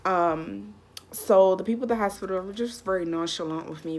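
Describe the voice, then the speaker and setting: A woman's voice: mid-range voice, moderate pace, darkish tone. A young woman vlogger telling a personal story in a casual, candid way, full of "like". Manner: chatty, lots of "like", candid.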